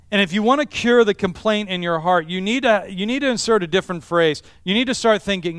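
A middle-aged man delivers a sermon as pastor, his voice pitched high and sounding smooth and resonant. He builds his points through emphatic repetition, and the sound is dry and close. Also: fairly quick, few pauses, a bit bright, dry recording. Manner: emphatic, repetitive preaching cadence.

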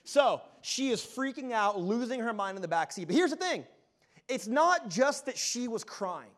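A man in his thirties preaching a sermon, telling a family story with animated, self-deprecating humor. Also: very high voice, normal speed. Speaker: pastor.

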